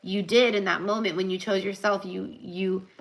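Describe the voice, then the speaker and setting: A young woman giving a live tarot reading, chatty and rambling, full of fillers, slowing down to stress spiritual points. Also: mid-range voice, steady tone, low-quality recording. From California. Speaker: tarot reader.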